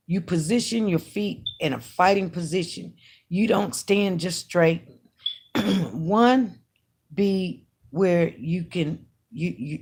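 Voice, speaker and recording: Slow-talking woman telling a story. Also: lowish voice, darkish tone. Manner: chatty, emphatic, talks straight to her audience. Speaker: online news commentator. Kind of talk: casual storytelling to viewers.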